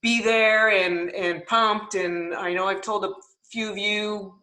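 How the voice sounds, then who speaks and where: A woman's voice: medium pitch, fairly even intonation, slow pace, pushed and bright, roomy sound, low-quality recording. A woman coach sharing her takeaways on a group call, emotional and enthusiastic.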